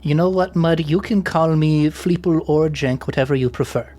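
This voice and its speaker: A sly adventurer from a tabletop game, played by a man. He speaks in a somewhat high, matter-of-fact voice. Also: normal speed, darkish tone, close to an everyday voice. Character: sly adventurer explaining a ruse.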